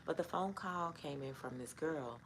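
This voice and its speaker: A middle-aged woman vlogger with a low-pitched voice tells a personal story to camera at normal speed, rambling casually and filling it with "um" and "like." The recording is rough, with a bit of hiss or hum.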